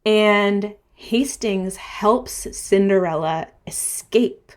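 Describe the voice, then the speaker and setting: A woman co-hosting a podcast, chatting casually about a book and retelling its plot in a lively, animated way. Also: medium pitch, extremely slow. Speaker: podcast co-host.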